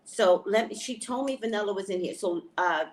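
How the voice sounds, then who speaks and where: A woman chatting casually to her viewers, excitedly showing off things she bought and talking about them. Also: mid-range voice, normal speed. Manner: chatty, excitable, shows items to camera. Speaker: spiritual reader and vlogger. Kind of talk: casual live chat to viewers.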